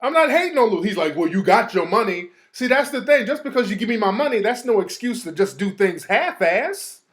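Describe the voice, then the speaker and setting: A man hosting his own show, talking off the cuff in a heated, profane rant. His pitch jumps around a lot as he reacts to the messages he reads out. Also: big pitch swings, a little fast. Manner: profane, heated, reading texts aloud. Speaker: show host. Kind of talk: casual live rant.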